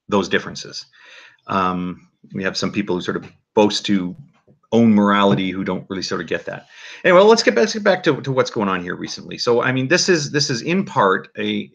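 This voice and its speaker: A man giving casual spoken commentary to his audience in a halting, dry and joking way, with many restarts and fillers. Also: lowish voice, gravelly, fairly bright tone, dull audio. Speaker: video commentator.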